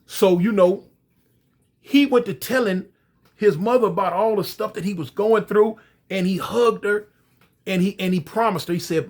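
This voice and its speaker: A man's voice: high-pitched, moderate pace, darkish tone. A man telling a story in a casual, conversational way, speaking directly to his listeners.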